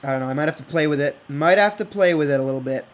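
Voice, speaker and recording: A man thinking out loud while building in a block game, rambling and hesitant, with many fillers and restarts. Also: a little high, rapid-fire, rough recording. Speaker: game video creator. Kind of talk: casual think-aloud game commentary.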